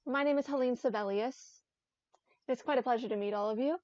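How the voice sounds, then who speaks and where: A woman's voice: a little high, fairly quick, a little mellow, dry recording, lo-fi sound, close to an everyday voice. A woman voicing a polite, formal young noblewoman adventurer.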